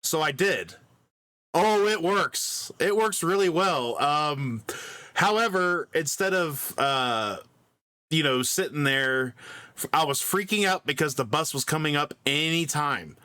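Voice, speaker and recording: A man's voice: a little high, expressive, unhurried, sharp tone. A man co-hosting a podcast, telling a long story in a rambling way, full of fillers, restarts and laughs at himself. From grew up in the country. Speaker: podcast co-host. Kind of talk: casual storytelling.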